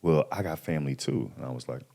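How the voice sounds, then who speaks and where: This man in his thirties has a very deep, creaky voice and a quick pace. As a podcast guest, he tells a personal story informally, with plenty of slang and animated, acted-out quotations.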